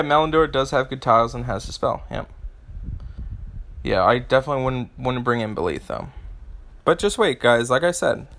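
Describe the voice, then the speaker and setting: A man's voice: mid-range voice, a bit bright. A man hosting a live game stream, answering chat and reading out game stats in a rambling way, often restarting his phrases.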